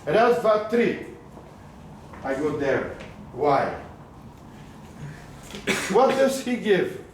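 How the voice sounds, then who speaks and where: A man's voice: on the high side, sing-song, very slow, far from the mic, slight background noise. A man giving a live coaching talk to a group, questioning the audience often and mixing in words of another language. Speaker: business coach. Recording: echoey room, voice from afar.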